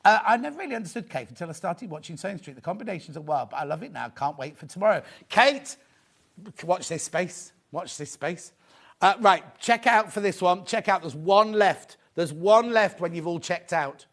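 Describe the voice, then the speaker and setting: A man hosting a live shopping show, chatty and excitable, often repeating his phrases. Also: high voice, moderate pace. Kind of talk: live sales presentation.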